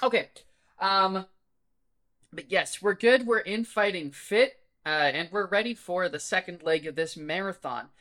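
A man co-hosting a podcast in loose, casual chat, his voice bright and forward. He rambles through stories with frequent restarts and laughter. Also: high-pitched, a little slow. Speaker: podcast co-host.

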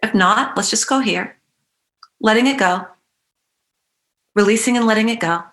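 A woman coaching a guided EFT tapping meditation, giving slow, soothing, repetitive cues. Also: fairly high pitch, a bit bright. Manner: playful bursts of animal noises and laughter.

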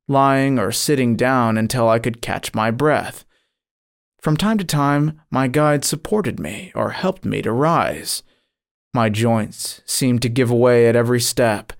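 Brief: male audiobook narrator, measured and solemn, very unhurried delivery. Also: mid-range voice. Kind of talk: scripted narration.

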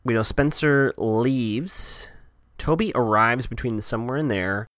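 Wry man recapping a show, bright. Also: mid-range voice, a little slow, no echo, clean studio sound. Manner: chatty and wry, with sarcastic asides. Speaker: TV episode recapper. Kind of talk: casual episode recap.

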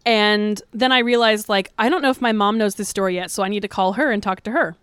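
A young woman co-hosting a podcast, telling a story with animated, giggly energy. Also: medium pitch, fast talker, clean tone, no echo. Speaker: podcast co-host. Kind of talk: casual chat.

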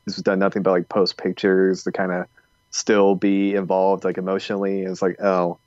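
A man's voice: sits low, monotone, normal speed, darkish tone, dry recording. A man co-hosting a casual podcast who rambles with many fillers and slips in sarcasm. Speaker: podcast co-host. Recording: dull lo-fi dry mic.

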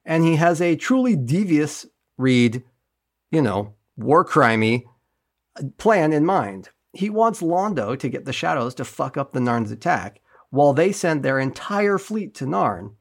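A man's voice: fairly high pitch, sing-song, unhurried. A man co-hosting a podcast, recapping an episode in a casual, wry and sarcastic way, swearing now and then. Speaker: podcast co-host.

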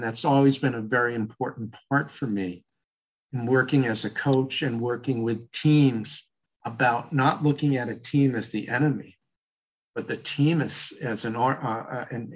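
A man's voice: mid-range voice, moderate pace, husky. A man in his sixties with a Boston accent, a coach telling a long story as a guest in an interview, rambling with many fillers and restarts. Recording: dull, muffled audio.

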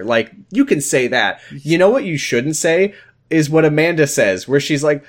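A man in casual recap chat, his pitch swinging widely as he tells the story and mimics the characters in quick bursts. He swears freely and speaks at a medium pitch. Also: very animated. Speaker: podcast co-host recapping a TV episode.

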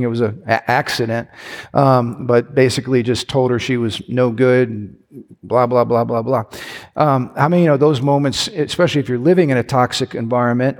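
A man's voice: mid-range voice, a little mellow. Man preaching in a reverberant hall. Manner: conversational preaching with asides and restarts. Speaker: pastor. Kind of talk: sermon. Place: church sanctuary.

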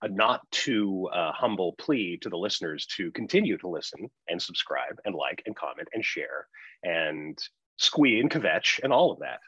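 A man's voice: low-pitched, moderate pace, slightly rough, no echo, lo-fi sound. A man producing and co-hosting a podcast, chatting casually with jokes and frequent restarts. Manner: animated, joking, frequent restarts. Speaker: podcast producer turned interviewer.

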